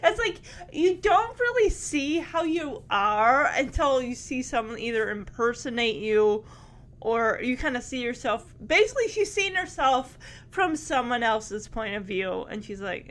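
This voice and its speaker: Giggly high-voiced woman recapping a show. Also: animated, measured pace, fairly bright tone. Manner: chatty and giggly, many fillers like "like". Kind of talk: casual episode recap.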